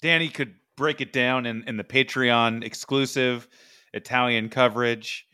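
A man hosting a comedy sports podcast with a laid-back, wry delivery. His pitch sits in an ordinary middle range. The sound is dry and close. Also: steady tone, unhurried, bright, forceful tone, clean tone, no room sound. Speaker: podcast host.

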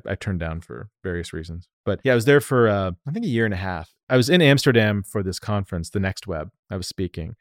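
A man from the United States, a company founder, telling stories in an animated, lively way during a casual interview. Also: lowish voice, no echo, clean studio sound. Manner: animated, lively storyteller who acts out quotes.

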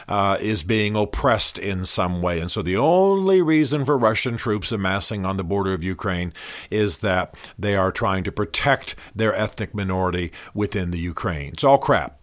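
With a deep, animated voice at normal speed, a U.S. podcast host covers current events on his own show. He's blunt and opinionated, speaking conversationally with plenty of fillers, and there's no room sound.

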